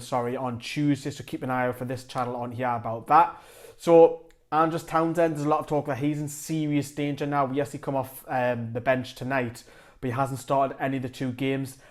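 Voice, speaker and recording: A man giving his opinionated, rambling take on a match to camera, often correcting himself mid-sentence. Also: medium pitch. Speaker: football fan vlogger. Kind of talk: casual football commentary to camera.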